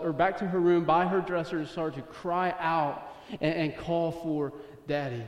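Young guy preaching, kinda high voice, tells a story then gets loud and pleading, big echoey hall with long reverb. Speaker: pastor. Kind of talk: sermon.

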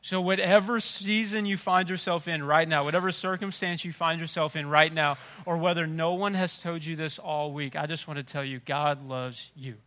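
A man preaching with a bright, ringing tone and a voice pitched a bit above the usual. He is middle-aged and swings between hushed, tender phrases and loud, impassioned emphasis. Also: fairly even intonation, normal speed, hardly any pauses. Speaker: pastor. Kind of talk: sermon.

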